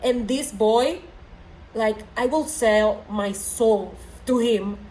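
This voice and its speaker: A young woman ranting excitedly about a book series on her vlog, rambling and gushing with lots of fillers. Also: on the high side, slow, a little hiss or hum. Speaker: book vlogger. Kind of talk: excited casual rant. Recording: echoey room with faint ambience.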